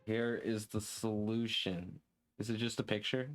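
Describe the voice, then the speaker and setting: A man's voice: lowish voice, little pitch movement, measured pace, soft background music. A man streaming a game live, talking casually and venting his frustration with swearing and rants, from a room at home. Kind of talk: casual live gameplay commentary. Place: home room with window open.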